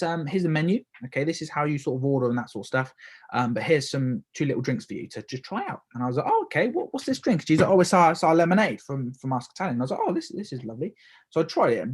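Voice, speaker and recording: Fast-talking husky young man podcaster. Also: mid-range voice. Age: young adult. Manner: rambling, with many fillers and self-corrections. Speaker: podcast host. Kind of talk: casual solo podcast talk.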